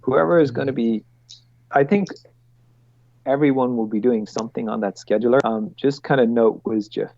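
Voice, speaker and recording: A man with a gravelly edge walks his team through planning on a video call. He talks bluntly and swears freely, often rambling off on a rant. The sound is dull, lo-fi call audio with a dry, close feel. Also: medium pitch, normal speed, warm tone, no room sound. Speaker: product owner leading a team meeting. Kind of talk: casual meeting explanation. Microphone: computer mic on a video call.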